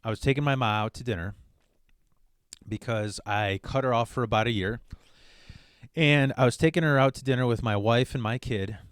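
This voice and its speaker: A man's voice: mid-range voice, normal speed, pauses often, clean tone, no echo, clean studio sound. A man hosting a podcast, talking in a blunt, profane comic monologue. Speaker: podcast host. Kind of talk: casual comedic monologue.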